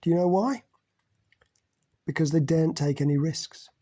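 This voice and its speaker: A man reading an audiobook, voicing a forceful middle-aged male group leader who lectures the room with emphatic, accusing stresses. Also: a little high, moderate pace, close to an everyday voice. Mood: scornful. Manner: emphatic, accusing, rising on key words.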